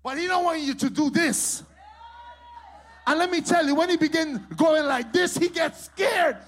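Speaking at normal speed in a very high voice, this man preaches as a pastor. Quiet asides give way to loud, shouted declarations in a sing-song style, and he repeats his phrases to drive them home.

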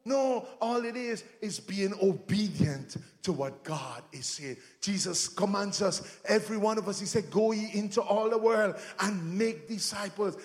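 A man preaching in a very high voice, his rousing sermon rising into shouts as he prompts the congregation to answer him. His voice rings through a large hall with a long echo trailing each phrase. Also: lively intonation, unhurried, hardly any pauses.

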